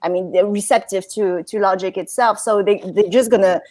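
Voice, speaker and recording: A woman in a casual group discussion, speaking haltingly and searching for words. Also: medium pitch, steady tone, darkish tone, no echo. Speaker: panel guest.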